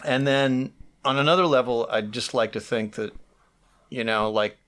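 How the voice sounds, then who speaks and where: A man co-hosting a podcast in loose conversation. His pitch sits in the middle of the range. He rambles and restarts his sentences, padding them with "you know.". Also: steady tone, normal speed, a bit bright. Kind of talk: casual chat.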